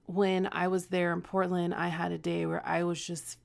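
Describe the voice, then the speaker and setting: Woman, podcast co-host, mother, casual chat, calm, candid, reflective, gravelly. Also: fairly low pitch, moderate pace.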